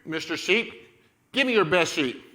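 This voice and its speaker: Male children's leader, slow and playful, coaching young actors through a Bible skit. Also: a little high, lively intonation, sharp tone. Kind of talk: playful Bible storytelling with kids acting.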